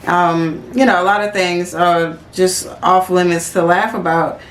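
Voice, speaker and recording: A woman's voice: on the low side, fairly even intonation, unhurried, slight background noise. A woman co-hosting a podcast in casual chat, telling stories full of fillers and retold quotes. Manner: chatty storyteller, many fillers and retold quotes. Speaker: podcast co-host. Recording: roomy echo.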